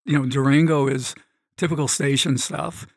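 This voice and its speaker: A middle-aged man, a guest on a podcast, telling a story in an animated way and acting out the voices of the people in it. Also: mid-range voice, moderate pace, creaky, no echo. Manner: animated, acts out quoted voices. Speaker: guest, gambling expert. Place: podcast studio.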